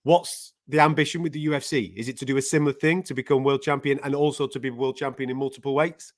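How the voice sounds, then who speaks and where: A man's voice: medium pitch, fairly even intonation, quick pace. A man hosting an interview who asks questions casually and repeats himself to be understood. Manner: friendly, repeats himself to clarify.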